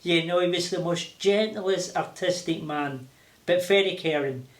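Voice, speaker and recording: An older man with a Glaswegian accent, telling lively stories with laughter as an interview guest. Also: sits high, a little slow. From Scotland. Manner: animated, laughing, acting out voices. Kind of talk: casual storytelling. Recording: roomy echo.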